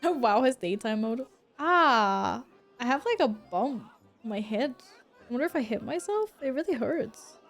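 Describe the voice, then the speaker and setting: Chatty streamer woman with a bright voice. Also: fairly high pitch, expressive, measured pace, soft background music. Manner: chatty, laughs often, swears. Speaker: game streamer. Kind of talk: casual gameplay commentary.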